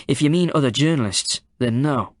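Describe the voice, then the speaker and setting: A calculating male detective chief inspector, read by a man. He speaks flatly and bluntly, giving nothing away, in an ordinary middle register. The audiobook sound is dry and close. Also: medium pitch, normal speed, no echo, close to an everyday voice. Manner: deadpan, blunt. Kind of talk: audiobook character voice.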